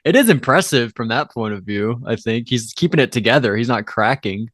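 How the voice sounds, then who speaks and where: A man's voice: medium pitch, lively intonation, fairly quick, a bit bright, dry recording, studio quality. A man co-hosting a casual film review podcast, joking and thinking aloud with hesitant fillers. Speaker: podcast co-host.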